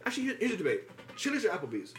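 A young man co-hosting a casual podcast chat, joking and teasing his friends, quick to laugh. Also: sits high, wildly swooping pitch, faint music behind. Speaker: podcast co-host.

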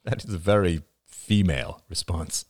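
A man reading the lines of a blunt, guarded man with grim views, in a flat, terse manner. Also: low voice, normal speed, no room sound, studio quality. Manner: flat, terse, matter-of-fact. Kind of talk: audiobook character reading.

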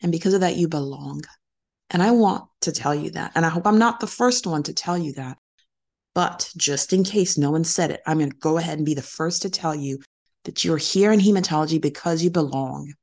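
A woman's voice: deep voice, brisk, a little mellow. A middle-aged woman hosting a podcast, talking earnestly and encouragingly and repeating her key phrases. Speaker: podcast host. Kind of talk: motivational podcast monologue.

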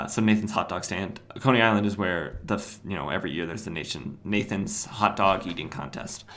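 A man's voice: sits low, moderate pace, fairly bright tone. A man hosting a podcast, recapping a comic in a rambling, casual way with filler words. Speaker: podcast host.

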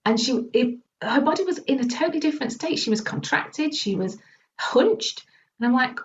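A woman EFT practitioner and confidence coach, a guest in an interview, explaining her work through lively stories and casual swearing. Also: sits high, normal speed. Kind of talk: conversational interview answers. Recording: distant, muffled with faint background noise.

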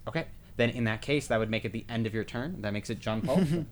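A man's voice: medium pitch, fast, a little hiss or hum. A man acting as game master of a tabletop game, explaining rules and narrating with many restarts and fillers. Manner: rambling, full of fillers and restarts.

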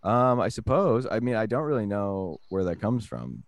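A man's voice: lowish voice, sing-song, moderate pace, no echo, clean studio sound. A man co-hosting a podcast in casual comedic chat, rambling and joking with mumbled asides. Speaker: podcast co-host.

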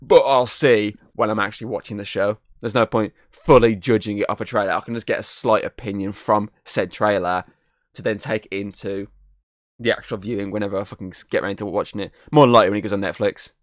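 Low-voiced man, rambling and swearing. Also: fairly even intonation, fast, no echo, clean studio sound. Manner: rambling, swears often, laughs easily. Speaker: podcast host. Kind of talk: casual chat. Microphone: headset.

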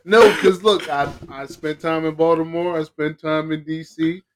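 A man's voice: a little high, steady tone, moderate pace, a little hiss or hum. A man hosting a podcast, chatting casually, joking and laughing often; English is not his first language. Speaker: podcast host. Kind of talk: casual interview chat.

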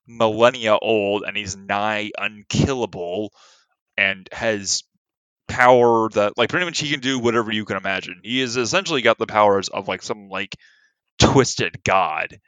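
Young man co-host, eager and laughing, bright clear voice, dry close sound. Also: lowish voice, normal speed, dry recording. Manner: enthusiastic, laughs often while talking. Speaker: podcast co-host. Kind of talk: casual movie review chat.

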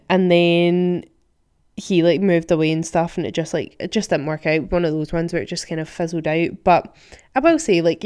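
A woman's voice: fairly low pitch, a little mellow, smooth. A young Scottish woman in her twenties hosting a solo podcast, telling a personal story in a chatty, confiding way with plenty of "like" fillers. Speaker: podcast host.

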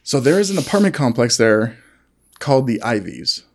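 A man co-hosting a casual podcast, telling stories in an animated way with lots of laughter. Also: moderate pace, creaky, a little hiss or hum. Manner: animated, laughing, jumps to high-pitched acted quotes. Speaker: podcast co-host. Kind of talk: casual storytelling chat.

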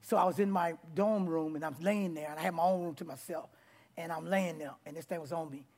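A man preaching his testimony to a congregation in a church, with a rough, abrupt delivery that bursts into loud, excited passages. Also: on the high side, a little fast. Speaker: guest preacher. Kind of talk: testimony sermon. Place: church sanctuary before a congregation.

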